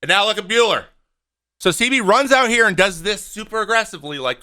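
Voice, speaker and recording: A man in his thirties giving animated, opinionated casual commentary over game footage, acting out what the players say. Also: sits high, quick pace. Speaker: podcast host and former pitcher.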